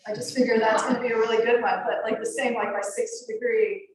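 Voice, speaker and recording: A woman's voice: a little high, little pitch movement, quick pace. A woman yoga teacher leading a beginner workshop, chatty and rambling with fillers and laughs. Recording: very echoey room, distant mic.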